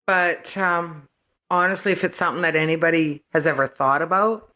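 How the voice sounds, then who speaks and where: A woman's voice: on the low side, normal speed, bright, forceful tone. A woman who is a guest on a photographer's interview show, talking about her shoot in an enthusiastic, affirming and giggly way. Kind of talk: relaxed conversational interview.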